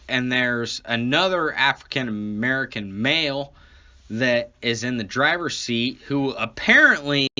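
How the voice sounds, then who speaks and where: Slow rambling man telling a story. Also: mid-range voice, bright, forceful tone, lo-fi sound. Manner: rambling, profane, with restarts. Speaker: comedy podcast host. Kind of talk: casual comedic storytelling.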